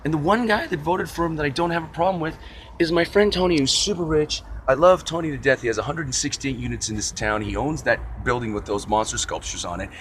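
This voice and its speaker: Bright-voiced man ranting sarcastically. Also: a little high, fast talker, slight background noise. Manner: sarcastic, rambling and wry. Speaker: vlogger. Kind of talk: casual opinion rant.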